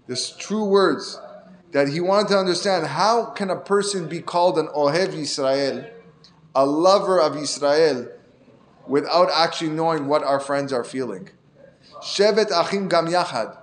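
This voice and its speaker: Guy teaching torah, kinda high voice, earnest, storytelling, lil faint room hum. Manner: earnest storyteller who lifts his voice for emphasis. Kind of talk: Torah class sermon.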